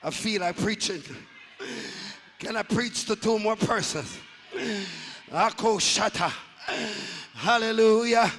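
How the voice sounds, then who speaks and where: A man preaching a Pentecostal sermon in a church, shouting in a sing-song cadence and dropping to hushed asides. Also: high-pitched, slow, pauses often, in a large hall, a little hiss or hum. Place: church sanctuary.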